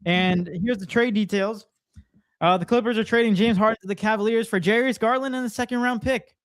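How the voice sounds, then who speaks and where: A man co-hosting a casual sports chat, opinionated and confident, talking in quick bursts. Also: sits high, steady tone, a little hiss or hum. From Portuguese heritage. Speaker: co-host.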